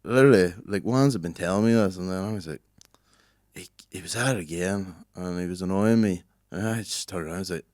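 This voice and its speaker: A man with an Irish accent chats casually as a podcast co-host, spinning laid-back anecdotes with a swear in every other line. His voice sits low. The sound is dry and close, with no room around it. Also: quick pace, a little mellow, no room sound. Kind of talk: casual chat.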